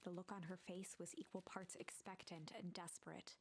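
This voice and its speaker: A woman narrating a video game in measured, wry, storybook-style scripted narration. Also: on the low side, little pitch movement, close to an everyday voice.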